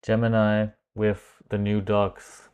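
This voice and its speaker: Male streamer, low smooth voice, loose and unscripted, musing to himself as he tests tools. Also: completely flat delivery, takes it slowly, darkish tone. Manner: thinking aloud, reacting as he tries things. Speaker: livestream host testing software. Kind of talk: casual live-stream commentary.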